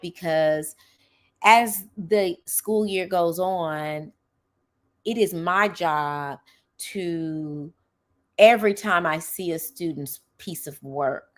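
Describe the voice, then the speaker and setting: A woman's voice: lowish voice, slow. A middle-aged woman who teaches, hosting a podcast in a casual monologue. She speaks earnestly and with emphasis, checking in with the listener with a frequent "okay?".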